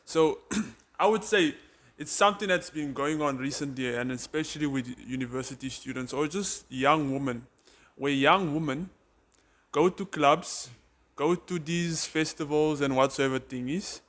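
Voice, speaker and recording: Joking South African man, fairly high voice. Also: moderate pace, a bit bright. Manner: jokey, rambling. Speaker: podcast co-host. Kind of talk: casual chat.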